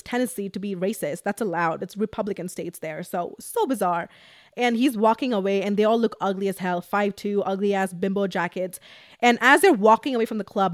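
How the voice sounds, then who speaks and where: A young woman hosts her own podcast and tells a story in a loose, chatty way, swearing freely and calling out to her listeners. Her voice sits at a middle pitch for a woman. The recording is dry and close, with no room sound. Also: no echo. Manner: animated, profane, addresses listeners as you guys. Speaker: podcast host. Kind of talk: casual storytelling.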